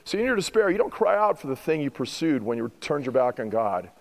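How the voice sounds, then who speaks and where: A middle-aged male pastor preaching a sermon, building to emphatic rhetorical questions and then easing into softer, reflective passages. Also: medium pitch, sing-song, fairly quick, creaky, in a large hall, poor audio.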